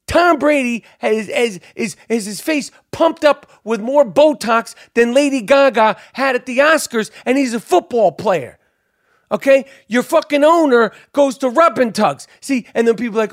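A man hosting a podcast, ranting loudly and profanely about sports with lots of fillers. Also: very high-pitched, lively intonation, normal speed, no echo, studio quality. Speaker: podcast host.

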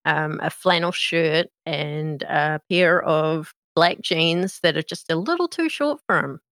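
A woman game master narrating a tabletop game scene in a calm, descriptive voice. Her sound is dry, with no room around it. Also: sits low, unhurried, dry recording.

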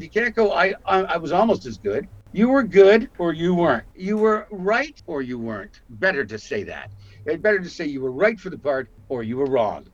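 Animated older man telling stories. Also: no echo. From Canada. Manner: animated storyteller, acts out quotes with big pitch jumps. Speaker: actor and interview guest. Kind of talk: casual interview storytelling. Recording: muffled lo-fi audio.

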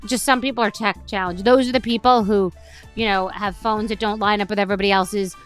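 A woman's voice: mid-range voice, steady tone, fairly quick, soft background music. A middle-aged woman hosting a podcast, telling a rambling, exasperated story in a solo rant. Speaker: podcast host.

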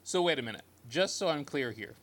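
A man's voice: on the high side, animated, a little fast, fairly bright tone. A man joking and chatting on a casual podcast, playful and mock-bewildered. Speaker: podcast co-host.

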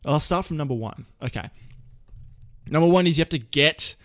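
A man's voice: on the high side, moderate pace, no room sound, studio quality. Chatty man giving casual tutorial tips. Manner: lively, rambling, frequent self-corrections. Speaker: presenter giving storytelling tips.

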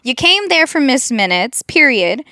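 Woman, high voice, emphatic, animated, podcast co-host, dry sound. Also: a little slow, no echo. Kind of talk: casual chat about a TV show.

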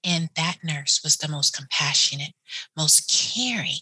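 Husky-voiced hospice nurse telling a story. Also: female voice, low-pitched, a little slow, no echo, poor audio. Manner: animated, acts out voices in her story. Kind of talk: personal storytelling.

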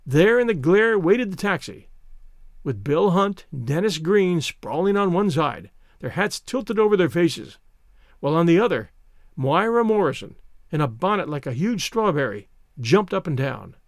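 Expressive male storyteller, high voice. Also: normal speed, no echo, clean studio sound. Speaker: narrator. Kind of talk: scripted story narration.

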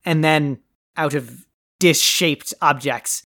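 A woman's voice: low voice, slow pace, gravelly, a bit bright, heavily acted. A woman playing a pompous, greedy, deposed male overlord in a comedy audio play, with a grandiose, haughty delivery. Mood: smug. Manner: grandiose, haughty and theatrically dry.

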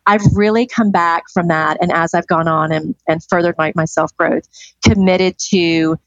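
A woman's voice: fairly low pitch, steady tone, moderate pace, dry recording, highs cut off. A middle-aged woman chatting as a podcast guest, telling stories in an enthusiastic, free-flowing way. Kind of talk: casual interview chat.

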